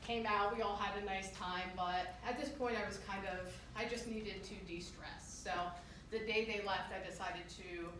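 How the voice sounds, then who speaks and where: A woman's voice: mid-range voice, steady tone, normal speed, noisy background. Self-deprecating woman telling a story onstage. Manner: self-deprecating, laughing through her story. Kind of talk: live comedic storytelling. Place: theater stage. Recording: echoey live room from far off.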